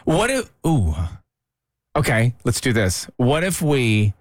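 Playful, animated male radio host. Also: medium pitch, slow, no room sound, clean studio sound. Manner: playful, excitable, laughs easily. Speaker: radio morning show host. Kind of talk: casual morning radio chat.

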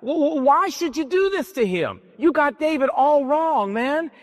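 A man's voice: extremely high pitch, lively intonation, unhurried, voice pushed up. A man voicing a loyal young prince who pleads with his father, in a long hall reverb. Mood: pleading. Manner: pleading, defensive.

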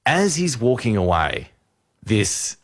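Co-hosting a radio show, a man tells a funny story with lively repetition, hammering his punchlines home as an animated storyteller. His pitch sits fairly low and he takes his time, speaking in casual banter into a studio microphone in a radio studio.

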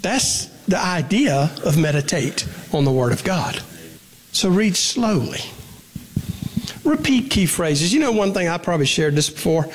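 A man's voice: on the high side, sing-song, a little slow, slight background noise. A man preaching a sermon in a conversational way, asking his congregation questions and repeating phrases for emphasis. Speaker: pastor. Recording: long reverb of a hall.

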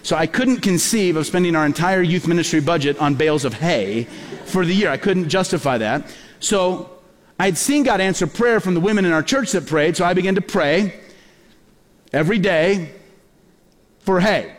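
A male pastor preaching a sermon in a church, telling stories in a lively way and acting out the voices of the people in them. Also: high voice, normal speed, slight background noise. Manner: lively storyteller who acts out quoted voices. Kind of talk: storytelling sermon. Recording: long hall reverb.

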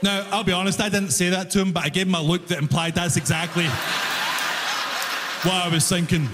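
A man's voice: high-pitched, level tone, a little fast, crowd noise, background noise. A man with a Glaswegian Scottish accent doing stand-up, telling an exasperated story on a live music hall stage. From Glasgow, Scotland. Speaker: stand-up comedian.

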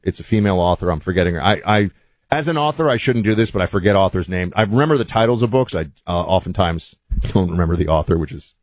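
Man, host, deep voice, dry close sound, casual rambling monologue. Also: a little mellow, no room sound. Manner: rambling with frequent restarts and fillers. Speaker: podcast host and author.

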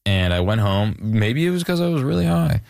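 Chill young guy, really low voice, dry close sound, lots of likes and ums. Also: fairly quick, creaky, no echo. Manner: relaxed, rambling with many fillers. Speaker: musician guest. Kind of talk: casual interview chat.

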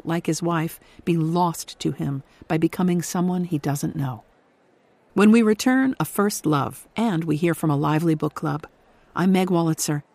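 A woman's voice: fairly low pitch, darkish tone, no echo. Woman host, composed scripted announcing, dry close sound. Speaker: radio show host.

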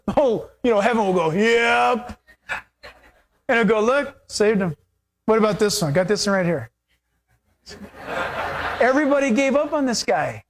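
Brief: male pastor, sermon delivery, lively and animated, acts out dialogue. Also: sits high. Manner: animated, acts out quoted voices with laughter.

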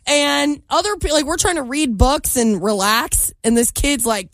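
A woman's voice: sits high, normal speed, few pauses, no echo. A young woman co-hosting a morning radio show, telling a story in casual chat, full of "like" and little laughs. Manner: chatty, storytelling, lots of likes and laughs. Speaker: radio co-host.

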